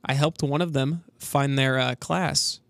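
A man's voice: mid-range voice, fairly even intonation, unhurried, creaky, no echo. A young man co-hosting a college sports radio show in casual chat, rambling through stories with lots of fillers. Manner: rambling storyteller, full of fillers.

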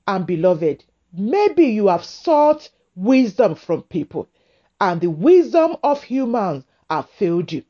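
Slow, lively-pitched woman preaching. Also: highs cut off. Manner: slow, emphatic, repetitive preaching cadence. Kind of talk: sermon.

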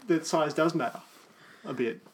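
Chatty young man, slightly high voice. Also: normal speed, noisy background. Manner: laughing, rambling, many fillers. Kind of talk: casual chat watching a film.

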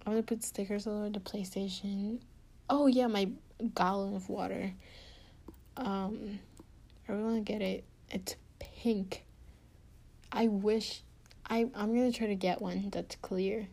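Soft, giggly woman with a low, gravelly rasp. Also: fairly even intonation, a little slow, long pauses. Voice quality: soft, often half-whispered. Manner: giggly and rambling. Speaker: podcast host talking to her partner. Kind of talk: intimate casual chat. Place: indoors at home.

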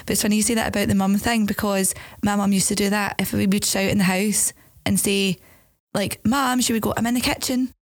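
A Scottish woman co-hosting a parenting podcast, telling stories about her kids in an animated way. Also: medium pitch, brisk, dry recording. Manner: animated storyteller. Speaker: podcast co-host. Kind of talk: casual chat.

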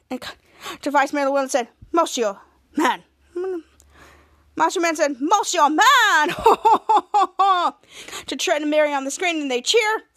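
A woman's voice: fairly bright tone, no room sound, clean studio sound. A woman hosting a podcast, retelling a TV episode scene by scene, acting out quotes and often restarting her sentences. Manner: retells scenes, acts out quotes with raised pitch, many restarts. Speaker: podcast host. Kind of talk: casual episode recap.

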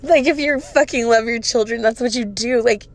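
A woman's voice: a little high, moderate pace. A woman in her thirties with an emotional, profane, venting manner, hosting a casual personal podcast. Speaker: podcast host.

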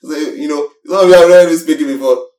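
A young man from Nigeria, preaching a sermon in an animated, exhorting way with sudden swings in pitch and loudness. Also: quick pace. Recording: roomy echo, mic from far off.

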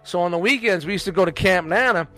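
On a casual podcast, a middle-aged man with a high-pitched voice talks fast, telling long, profane, rambling stories full of restarts. Loud music sits behind his voice.

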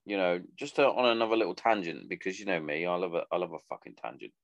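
A man's voice: sits low, expressive, quick pace, gravelly, dry recording. A man in his thirties hosting a podcast, rambling casually with lots of swearing and some sentimental asides. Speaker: podcast host. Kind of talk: casual monologue.

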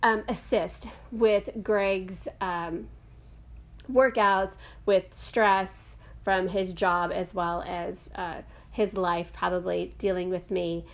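A woman's voice: lowish voice, steady tone, slow, gravelly. Chatty woman hosting a yoga podcast. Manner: chatty, rambling, with many fillers and self-corrections. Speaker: podcast host and yoga teacher. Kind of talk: casual podcast monologue.

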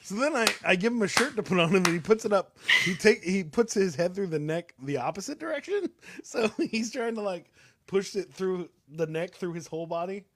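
A man's voice: high voice, lively intonation, fairly quick, a bit bright. A young man telling a long story on a talk show, casual and rambling, with many fillers and restarts. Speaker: co-host.

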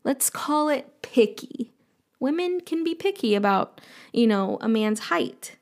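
A woman hosting an advice show, talking through listener questions in an easy, casual way. Her voice sits a little high, with a gravelly fry running through it. She takes her time, teasing and cracking jokes before taking them back. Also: animated, unhurried, darkish tone. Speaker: advice podcast host.

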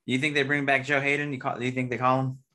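A man's voice: mid-range voice, little pitch movement, fast, pushed and bright. Laid-back laughing male podcast host. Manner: laughs often, loose and chatty. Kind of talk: casual sports chat.

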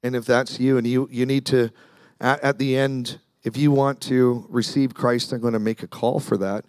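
A man's voice: mid-range voice, fairly even intonation, moderate pace, a little mellow, dry recording. A man preaching a sermon as pastor, talking conversationally, repeating words and acting out the people in his story.

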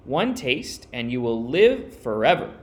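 A man voicing a clever, quick-witted eldest girl who calls out in a high, bright voice. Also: big pitch swings. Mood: wary.

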